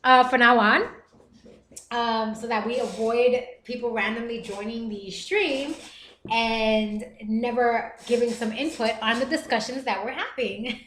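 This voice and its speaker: A young American woman hosting a livestream podcast, chatting casually with viewers in a playful, animated way. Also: high voice. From United States. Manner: animated and playful, with gasps and bursts of laughter. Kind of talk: casual livestream chat reading viewer comments. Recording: echoey room.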